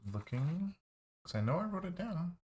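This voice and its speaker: A man's voice: high voice, sing-song, normal speed, a little mellow. A man running a tabletop game as game master, laughing often and thinking aloud as he checks his notes.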